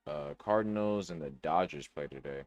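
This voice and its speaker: On his podcast, a young male host muses casually about sports bets, full of slang and swearing. His voice is very deep and darkish, at a moderate pace. The close-mic recording is dry and muffled, with no room sound and faint background music.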